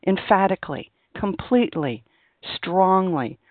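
A woman's voice: medium pitch, expressive, a little slow, no room sound. A woman sharing her experience at a recovery meeting, earnest and repeating key phrases for emphasis. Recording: dry, tinny phone line.

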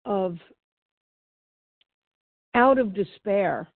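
A woman speaks slowly and haltingly over a video call, repeating words as she goes. Her pitch sits mid-range. The sound is narrow and phone-like, with a dry, close feel. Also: animated, no room sound. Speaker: meeting member sharing. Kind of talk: personal recovery share. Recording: tinny phone-like call audio.

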